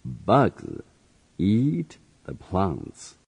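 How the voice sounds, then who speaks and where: Male reading teacher, very slow, gravelly, dark and husky, phrase-by-phrase reading for learners. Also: deep voice, wildly swooping pitch. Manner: reads each phrase slowly and evenly for repetition. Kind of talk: slow read-aloud for learners to repeat.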